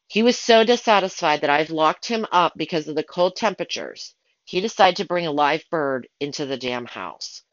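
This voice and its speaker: A woman telling stories from her work as a pet sitter in a casual, animated way, acting out her own panicked thoughts. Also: low-pitched, moderate pace, no room sound, highs cut off. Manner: animated, dramatic retelling with excited asides. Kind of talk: casual storytelling.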